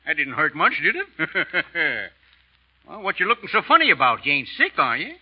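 An actor playing a boisterous, tipsy American rancher in 1940s radio drama, folksy and whooping with laughter. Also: male voice, on the high side, sing-song, normal speed, slightly rough. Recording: muffled old radio broadcast.

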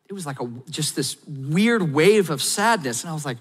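A middle-aged man, a pastor, preaching a sermon and telling a personal story candidly, going quiet and soft at sad points and rising to urge his listeners. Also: fairly high pitch, animated, normal speed, few pauses, husky. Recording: long hall reverb.

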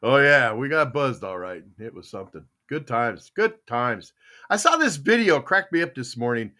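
A man's voice: mid-range voice, normal speed. An older American man hosting a podcast, telling stories in a casual rambling chat and acting out dialogue. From United States. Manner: storytelling, animated, acts out dialogue. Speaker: podcast host.

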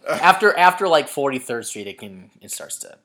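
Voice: mid-range voice, sing-song, normal speed, bright, forceful tone. A podcast co-host from Chicago in casual banter, joking around, swearing and tossing in silly accents.

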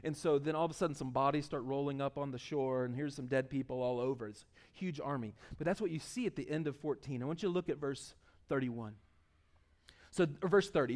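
A man's voice: medium pitch, quick pace, a little mellow. A male pastor giving an informal, conversational sermon and often repeating words as he starts his sentences.

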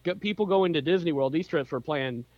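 An American man co-hosting a podcast, easygoing and agreeable, often pausing on fillers. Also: on the high side, darkish tone, dry recording. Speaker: podcast co-host. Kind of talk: casual podcast chat. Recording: dull dry sound.

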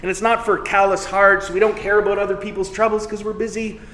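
A pastor preaching a sermon in a church, telling everyday stories in a conversational, self-mocking way. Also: male voice, high voice, flat delivery, fairly quick, fairly bright tone, echoey room.

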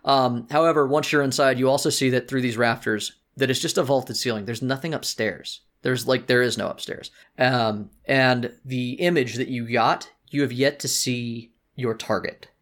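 A man's voice: mid-range voice, fairly even intonation, normal speed, few pauses, fairly bright tone. Laid-back man running a tabletop game. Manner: casual, joking, bro-ish. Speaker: game master.

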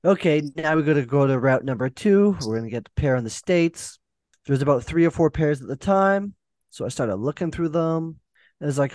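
A man's voice: a little high, lively intonation, moderate pace, darkish tone, dry recording, clean studio sound. Mock-boastful male podcast storyteller. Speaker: podcast co-host. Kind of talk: casual podcast chat.

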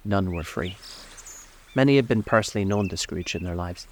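A man reads a story aloud in a very deep, low voice. His delivery is measured and even, like an audiobook narrator. Soft birdsong and outdoor sounds are faintly audible behind him. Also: a little hiss or hum.

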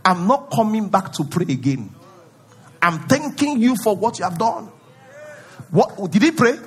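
A male pastor preaching a sermon, acting out prayers in a pleading voice and rising to loud declarations. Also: sits high, big pitch swings, a little slow, husky.

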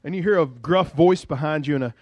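A male pastor preaching a sermon in a lively, conversational storytelling way. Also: fairly high pitch, a little fast, no echo.

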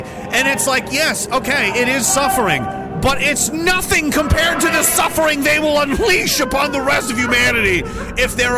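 A man hosting a podcast, ranting with sarcasm and bursting into shouting now and then. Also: very high-pitched. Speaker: podcast host. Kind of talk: ranting commentary.

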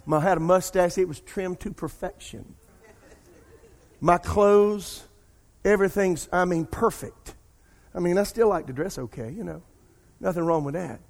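With a high voice at normal speed, a middle-aged man preaches a sermon straight to his congregation. The pastor uses call-and-response asides in a church sanctuary, recorded with long hall reverb.

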